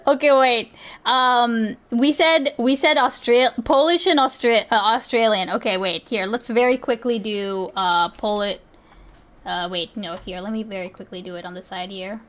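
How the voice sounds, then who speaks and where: A woman's voice: on the high side, steady tone, moderate pace, a bit bright. A woman streaming live, chatting casually and thinking aloud with frequent giggles and restarts.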